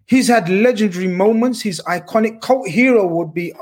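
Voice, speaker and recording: Slangy, animated man with a husky high voice. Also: normal speed. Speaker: podcast host. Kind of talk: casual football chat.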